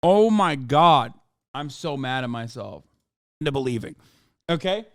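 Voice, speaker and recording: A man's voice: medium pitch, expressive, a little slow, fairly bright tone, no room sound, studio quality. A man in his thirties streaming live, ranting in a heated, profane, argumentative way. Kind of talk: livestream reaction rant.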